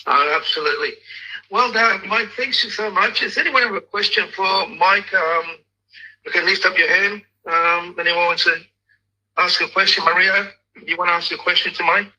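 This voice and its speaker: A high-pitched Australian man hosts a live chat, keeping his questions short and relaxed. His voice is sharp and bright, and the sound comes through like a radio. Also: normal speed, poor audio. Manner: relaxed, brief questions and prompts. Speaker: host. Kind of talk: casual chat.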